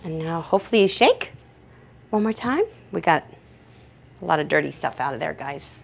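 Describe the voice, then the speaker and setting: A woman's voice: low voice, expressive, normal speed, gravelly. A woman who works as a professional dog groomer, giving a chatty grooming demonstration indoors in her shop and talking both to the dog and to viewers.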